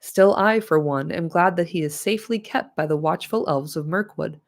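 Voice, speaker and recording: A stern ranger speaks in a calm, even way , as a woman reads him. The voice stays lowish and a little nasal. There is little attempt to disguise the reader's own tone. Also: normal speed. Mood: steady. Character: weathered ranger man, steady and stern.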